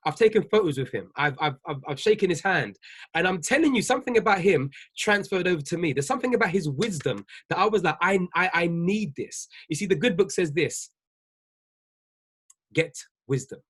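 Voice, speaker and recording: A man's voice: sits high, lively intonation, fast, fairly bright tone, breathy edge. A man, a business coach giving a preachy, emphatic livestream talk to his viewers. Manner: preachy, repetitive, emphatic, laughs often.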